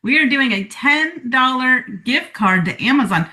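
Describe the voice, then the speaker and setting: Woman host, bright-toned, a touch high, gushing and upbeat. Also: lively intonation, normal speed. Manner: upbeat, effusive. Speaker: host of a coaching call. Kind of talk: live-call hosting.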